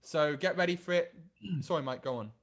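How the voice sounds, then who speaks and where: A man's voice: a little high, a little fast. A man teaching a dating class, blunt and profane, often stumbling and restarting his sentences. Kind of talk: live online class, reading chat aloud.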